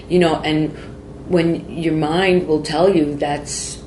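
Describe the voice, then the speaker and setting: A woman's voice: low-pitched, steady tone, takes it slowly, darkish tone. A woman guest in a candid interview, talking emotionally and repeating herself as she rambles. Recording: roomy with faint background noise.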